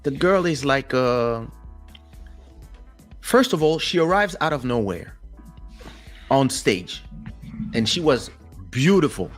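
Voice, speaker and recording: A man hosts a casual talk show and tells his stories in a lively, swooping voice. He acts out what other people said along the way. His first language is French. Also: mid-range voice, slow pace, pauses often, soft background music. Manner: animated storyteller, acts out quotes. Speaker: host.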